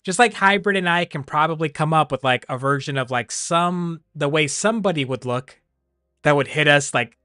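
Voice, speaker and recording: A man chatting casually on a livestream, rambling and animated, often laughing. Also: on the high side, normal speed, clear, resonant tone, no echo, studio quality. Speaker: streamer.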